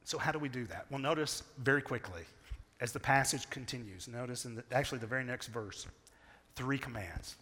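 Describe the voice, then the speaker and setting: A middle-aged man preaching a sermon, telling a story with big swings from loud to hushed. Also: medium pitch, brisk. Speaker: pastor. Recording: long reverb of a large hall.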